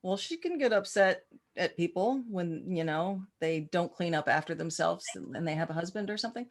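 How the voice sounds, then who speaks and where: A woman practitioner and teacher in a casual interview, telling animated stories and acting out quoted voices with many restarts. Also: on the low side, a little fast.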